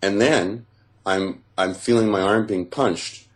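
A man with a very deep, low voice tells his own story as a personal testimony. He speaks haltingly and deliberately, with frequent fillers and restarts. He walks through each moment in careful detail.

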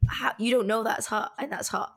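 Husky-voiced woman podcast co-host. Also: on the high side, steady tone, a bit bright. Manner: quick to agree, teasing. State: husky from illness. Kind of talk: casual gossipy chat.

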